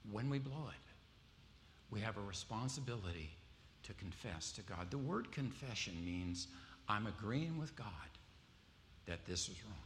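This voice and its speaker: A man's voice: lowish voice, animated, moderate pace, long pauses, fairly bright tone, slight background noise. A man preaching a sermon to a congregation, telling stories and quizzing the audience with questions. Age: adult with wife and kids. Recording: long hall reverb, faint ambience.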